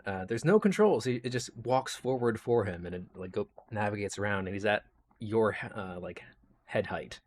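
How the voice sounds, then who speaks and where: A man narrating a tabletop game as game master, loose and lively with many fillers. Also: lowish voice, normal speed, slight background noise.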